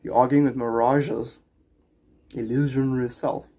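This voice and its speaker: A man's voice: mid-range voice, little pitch movement, measured pace, warm tone. A man chatting on a live stream, reading viewers' comments and rambling into spiritual musings.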